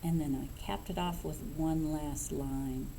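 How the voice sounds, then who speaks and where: A woman talking through a painting tutorial step by step, relaxed and unhurried, thinking aloud with fillers as she paints. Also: low-pitched, creaky, slight background noise, poor audio. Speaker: craft instructor.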